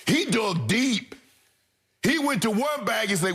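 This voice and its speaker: High-pitched male sports debate co-host, blunt and forceful, leans on slang and repetition. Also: expressive, normal speed, breathy edge. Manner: emphatic, blunt, slangy, repeats points for punch. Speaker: sports talk show co-host. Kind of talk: heated sports debate commentary.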